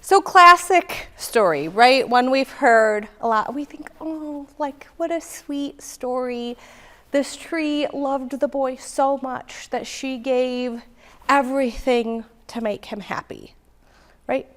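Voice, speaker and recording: A woman's voice: sits high, slow, bright, forceful tone. A woman giving a workshop talk in a conversational way, often checking in with the audience with "right?". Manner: conversational, keeps asking "right?". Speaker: workshop speaker. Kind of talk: leadership talk.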